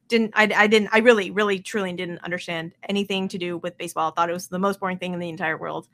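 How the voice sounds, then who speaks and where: Female guest, 30s, bright voice, animated self-deprecating storyteller. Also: fairly low pitch, racing, hardly any pauses. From Las Vegas, US. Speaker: podcast guest. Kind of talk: casual storytelling.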